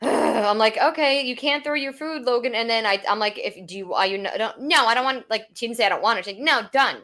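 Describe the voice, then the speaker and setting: A woman, a podcast host and mother, casually recounting a mealtime struggle with her child, halting and restarting as she goes. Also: a little high, a bit bright. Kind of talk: casual chat.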